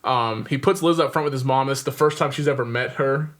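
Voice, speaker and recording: Speaking fast in a fairly bright, medium-pitched voice, this man hosts a podcast and walks through a movie's story. It's a loose, rambling recap full of ums and little laughs.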